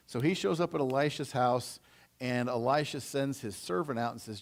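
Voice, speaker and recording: A man's voice: medium pitch, lively intonation, normal speed. A male pastor teaching through a Bible passage in a conversational way, retelling it in casual everyday slang.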